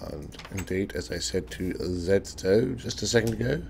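A man with a sore, croaky throat talks over his gameplay in a slow, meandering ramble and swears freely. His lowish voice is gravelly with fry, and it leaps up and down as he talks. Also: animated, darkish tone, slight background noise. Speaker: let's play host. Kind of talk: casual gameplay commentary.

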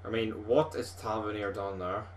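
A man's voice: on the low side, moderate pace, slight background noise. Sweary Scottish man commentating gameplay. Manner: sweary, rowdy, excitable fan. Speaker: gaming video host.

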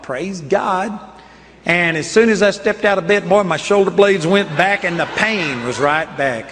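Older male preacher, high voice, emphatic storytelling, long hall echo. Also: a bit bright. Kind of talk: sermon with personal stories.

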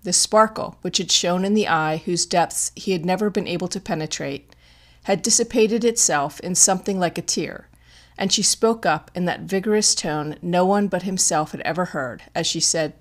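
Brief: audiobook narrator, woman, slightly low, deliberate storytelling. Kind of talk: scripted narration.

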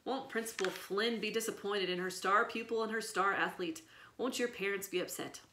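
A woman's voice: medium pitch, normal speed, pushed and bright, echoey room, slight background noise, close to an everyday voice. A woman voicing a strict, mean school librarian who barks and mocks children. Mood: stern. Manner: barking, mocking, menacing.

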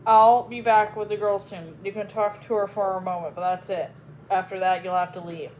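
A woman reading aloud, voicing a brash young male army captain who is boastful and quick to fight. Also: mid-range voice, little pitch movement, dull audio, slight background noise, close to an everyday voice. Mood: eager.

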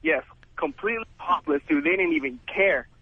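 Young guy on a tinny phone line, excited, says dude a lot, kinda high, dry. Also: fairly quick, breathy edge, no room sound. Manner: excited, laid-back surfer slang. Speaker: caller. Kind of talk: phone-in chat. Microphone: telephone.

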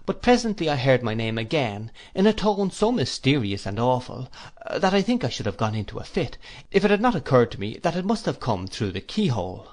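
A man reading an audiobook in a measured, reflective storytelling manner. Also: medium pitch, sing-song, a little mellow. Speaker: audiobook reader. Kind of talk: audiobook narration.

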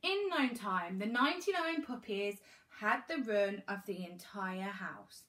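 Animated English teacher reading a story. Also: female voice, medium pitch, measured pace. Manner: animated, expressive. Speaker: primary school teacher. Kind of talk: storybook read-aloud for children.

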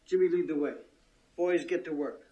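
An actor playing a brisk, commanding middle-aged fixer who gives curt orders. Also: male voice, fairly high pitch, warm tone, natural voice, rough recording.

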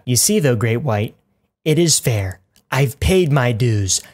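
A man's voice: mid-range voice, expressive, slow pace, a little mellow. Man, gaming youtuber, let's play commentary, goofy, rambling, crude jokes.

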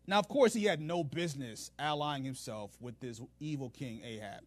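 A man hosting a faith podcast, retelling scripture in an animated, humorous way with casual slang. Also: medium pitch, moderate pace, hardly any pauses, no room sound. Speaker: podcast host, Bible teacher. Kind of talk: casual Bible teaching.

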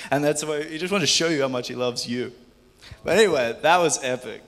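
Excited man telling a testimony in a hall. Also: fairly high pitch, fast. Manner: excited, acting out quotes. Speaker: congregation member giving a testimony. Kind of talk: animated storytelling testimony. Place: large church hall. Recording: live church recording with long hall reverb.

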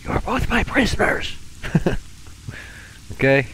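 A swaggering, threatening stalker voiced by a man who bosses his hostages around in a thick fake Russian accent. His pitch swings widely as he swears and menaces through the game role-play. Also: very animated, slow, a bit bright, a little hiss or hum, full character voice, poor audio. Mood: gloating.

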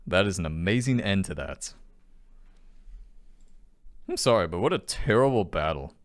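A man's voice: low-pitched, very animated, moderate pace. A man giving frustrated, swearing commentary while playing a video game. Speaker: gaming channel host. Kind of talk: let's play commentary.

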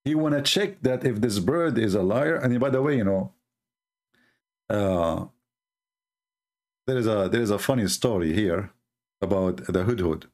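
A man from the Middle East with an Arabic accent, a native Arabic speaker, giving a sarcastic, animated commentary as a Christian apologist. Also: fairly low pitch, measured pace, pauses often. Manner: sarcastic, animated, laughs at his own points. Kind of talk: mocking commentary talk.

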